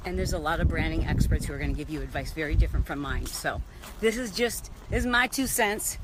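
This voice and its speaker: A woman hosting a casual motivational vlog, talking to viewers in an energetic, emphatic coaching manner. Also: low-pitched, quick pace, noisy background. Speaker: vlog host and business coach.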